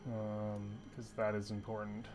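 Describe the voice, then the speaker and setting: A man's voice: fairly low pitch, monotone, measured pace, over music. A man running a tabletop game as game master, explaining rules with frequent ums while he checks his notes.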